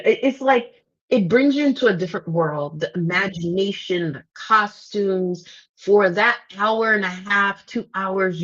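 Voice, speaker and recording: A woman co-hosting a casual podcast, her voice swinging widely in pitch as she talks with emphatic, playful flair. She slips into theatrical asides. The sound is dull and a little lo-fi. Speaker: podcast co-host. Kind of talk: casual chat.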